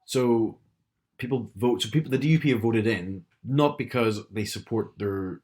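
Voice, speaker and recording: A man's voice: fairly low pitch, moderate pace, darkish tone. A young man with a Northern Irish accent, co-hosting a casual podcast chat and explaining at length with many restarts. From Northern Ireland. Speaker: podcast co-host.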